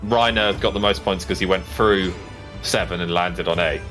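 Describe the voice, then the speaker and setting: A man's voice: sits low, fairly even intonation, normal speed, over music. A man narrating as game master of a tabletop game, in a casual, rambling way full of fillers.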